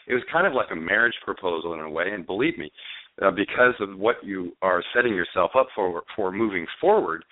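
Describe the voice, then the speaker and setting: A male novelist and screenwriter telling his story in a phone interview, animated but halting, with fillers and restarts. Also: low voice, no room sound. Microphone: telephone. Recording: dry tinny phone line.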